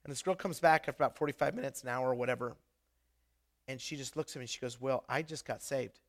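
A man preaching a sermon as pastor, passionate and emphatic, swinging from loud declarations to soft, intimate storytelling. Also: medium pitch, fast talker.

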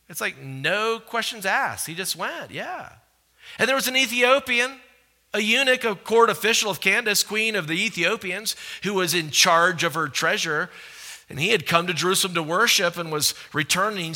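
A male pastor preaching a sermon in an animated, conversational way, often asking the audience questions. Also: a little high. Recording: echoey hall reverb.

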